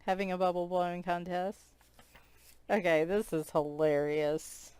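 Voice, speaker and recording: A woman's voice: on the low side, steady tone, unhurried, a little mellow, a little hiss or hum. A woman chatting casually as she flips through a coloring book, amused and giggling as she comments on each picture.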